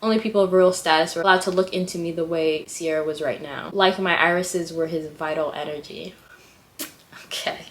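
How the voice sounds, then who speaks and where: A woman vlogging casually, reading a story aloud and breaking off into giddy, excitable reactions. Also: low-pitched, a little fast, slight background noise. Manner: reads fiction aloud softly. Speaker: writing vlogger.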